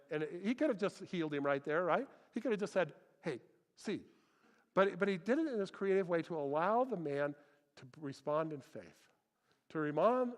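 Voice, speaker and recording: A man preaching a sermon as pastor, telling stories in an animated way and acting out the people he quotes. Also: a little high. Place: church hall. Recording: long hall reverb.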